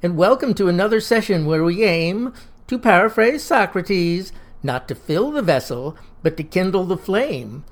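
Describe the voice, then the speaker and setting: A narrator voicing a thin, pompous male teacher who quotes the classics in a lofty, measured way. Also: mid-range voice, expressive, natural voice. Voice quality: lofty, quotation-heavy delivery.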